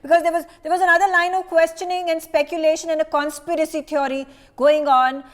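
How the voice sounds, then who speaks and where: A woman with an Indian English accent anchoring a news debate, framing long questions with halting repeats. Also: very high voice, little pitch movement.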